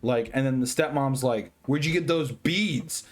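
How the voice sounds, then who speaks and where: A tipsy man rambling excitedly through a profane movie review, full of fillers and swearing. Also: mid-range voice, unhurried. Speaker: host.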